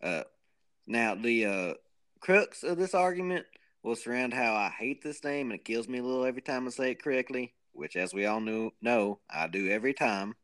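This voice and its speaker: A man's voice: mid-range voice, normal speed, a bit bright. A man with a twang co-hosts a podcast in a loose, rambling way. His jokes are self-mocking, told in an ordinary mid-range voice. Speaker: podcast co-host. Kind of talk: casual chat.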